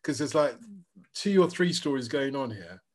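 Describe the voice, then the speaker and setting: A man, a podcast co-host chatting casually and telling lively anecdotes. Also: medium pitch, normal speed. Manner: animated anecdotal storyteller, restarts sentences. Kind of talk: casual chat.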